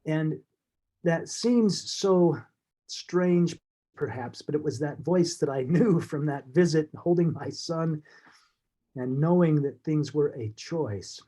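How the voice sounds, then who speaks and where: Heartfelt man with a mellow voice. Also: fairly high pitch. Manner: halting and heartfelt, with fillers and restarts. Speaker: interview guest. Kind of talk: emotional personal storytelling.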